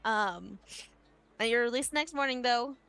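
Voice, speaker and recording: A woman's voice: fairly high pitch, measured pace, vocal fry, pushed and bright, clear, resonant tone, dry recording, faint music behind. A woman running a tabletop game as game master, chatty and casual, with frequent laughing asides.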